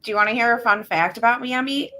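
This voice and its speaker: A woman's voice: fairly high pitch, racing, pushed and bright. A woman co-hosting a casual podcast chat, talking in rambling bits full of restarts and fillers. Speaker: podcast co-host.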